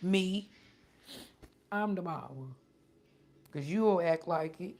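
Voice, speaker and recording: A woman's voice: fairly low pitch, slow pace, darkish tone. A woman chatting casually on her live stream, laughing often and answering her chat.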